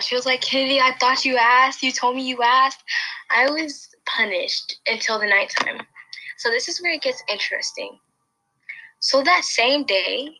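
A young woman chats through a long personal story on a casual podcast. She rambles, restarts sentences and leans on fillers. Her voice is bright and sits a little high. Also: rough recording. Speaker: podcast host.

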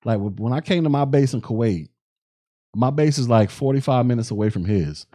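A man's voice: medium pitch, expressive, a little fast, mellow. A man hosting a podcast, telling a story in a loose, casual way with heavy slang, profanity and frequent restarts. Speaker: podcast host.

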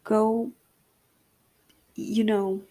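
A woman's voice: medium pitch, level tone, very slow, dark tone. A young adult woman hosting a solo podcast, talking candidly and rambling with lots of fillers. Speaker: podcast host. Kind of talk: casual solo podcast monologue.

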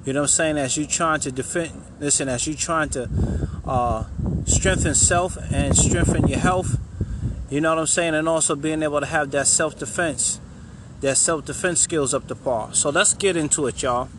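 Man, fitness and faith coach, guided affirmations, casual, repetitive, slightly high voice. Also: normal speed, fairly bright tone, a little hiss or hum, low-quality recording. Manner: encouraging, repetitive, says "you know what I'm saying" a lot; casual, conversational.

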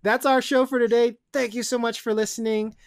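A woman's voice: fairly high pitch, little pitch movement, brisk, no room sound, clean studio sound. A woman from the Seattle area hosting a casual podcast, chatty, laughing often and trailing off into fillers. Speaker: podcast host.

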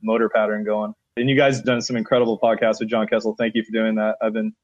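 A man's voice: fairly low pitch, level tone, fast, no room sound, highs cut off. A man who coaches setters for a national team, talking emphatically in a podcast interview with lots of filler words.

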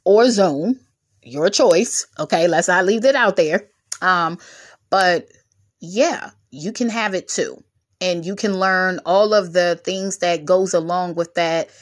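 A woman hosting her own podcast, exhorting listeners in a bubbly, humorous, preachy way with sudden jumps in pitch. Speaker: podcast host. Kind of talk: preachy motivational podcast talk.

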